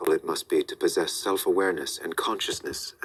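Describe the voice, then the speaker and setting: An actor playing an ominous, solemn male entity who speaks in slow, grave pronouncements in a film. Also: sits low, steady tone, breathy edge.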